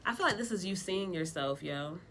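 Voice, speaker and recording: A woman giving a casual tarot reading, talking bluntly in lively slang with plenty of profanity. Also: fairly low pitch, a little fast, a little hiss or hum. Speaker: tarot reader.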